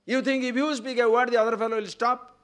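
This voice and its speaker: An older spiritual teacher delivers a discourse packed with rhetorical questions and repeated words, his pitch and volume swinging widely. Even so, his intonation stays fairly even overall, and he speaks fast in a clear, resonant tone.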